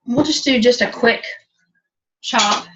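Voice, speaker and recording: A woman with a fairly high, fairly bright voice speaks at a slow pace while giving a step-by-step cooking demo in a kitchen, chatty and practical. She is a cooking instructor, heard over distant, dull webinar audio.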